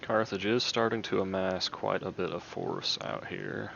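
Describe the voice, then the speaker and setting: A deep-voiced man gives relaxed commentary as he plays a strategy game, thinking aloud about each move. His voice is gravelly, with a lively rise and fall. The sound is slightly dull, with faint noise. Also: unhurried. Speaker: gaming video host.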